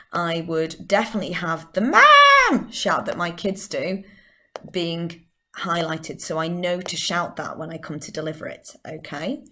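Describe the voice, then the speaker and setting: A middle-aged woman teaching drama, leading a vocal warm-up with clear, encouraging instructions. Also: fairly low pitch. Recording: echoey room.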